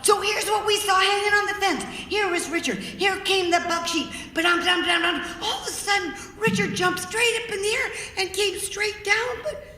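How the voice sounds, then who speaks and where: Bright woman storyteller in a big echoey theater, loud and animated. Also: very high-pitched, normal speed. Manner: animated, acts out shouts and sound effects, leads the audience. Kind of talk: live storytelling performance. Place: large theater stage.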